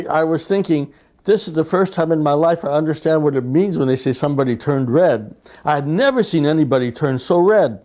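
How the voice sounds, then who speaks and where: A man telling anecdotes in a lively way, acting out the quotes he recalls. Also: fairly high pitch. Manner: lively storyteller, acts out quotes. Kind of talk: anecdotal storytelling.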